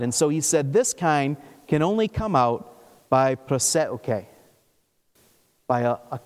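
A man's voice: mid-range voice, big-room sound. A man preaching a sermon, explaining scripture step by step with playful asides. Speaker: pastor.

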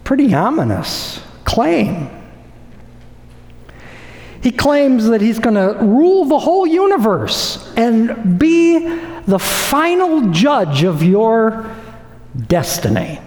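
Slow emphatic preacher in an echoing hall. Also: male voice, very high voice, sing-song, darkish tone. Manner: emphatic, repeats phrases for effect. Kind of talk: sermon. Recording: echoey hall with long reverb.

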